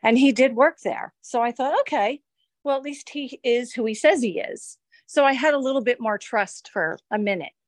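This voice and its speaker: A woman in her forties, her voice fairly high with lively intonation and a moderate pace, tells her own story as a victim in an interview. The studio-quality recording is dry, and she rambles casually, restarting often and acting out quoted dialogue.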